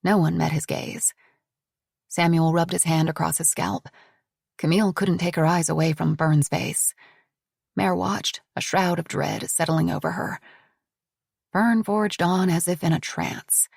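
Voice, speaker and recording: A woman narrating a suspense novel in a measured storytelling manner. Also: fairly low pitch, steady tone, gravelly, a little mellow, breathy edge, no room sound, clean studio sound. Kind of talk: audiobook narration.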